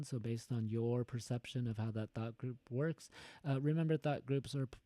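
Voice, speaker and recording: A man's voice: mid-range voice, mellow, no echo. A man teaching a class, explaining an assignment in a casual, rambling way, often correcting himself mid-sentence. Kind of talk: recorded assignment instructions.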